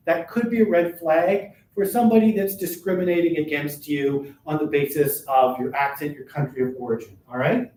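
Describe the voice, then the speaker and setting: An older man giving a live workshop talk, who talks fast and keeps checking in with "right?". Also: a little high, steady tone, darkish tone. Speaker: workshop presenter for a workers' advocacy centre. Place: meeting room at a chamber of commerce. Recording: roomy, distant, faint noise.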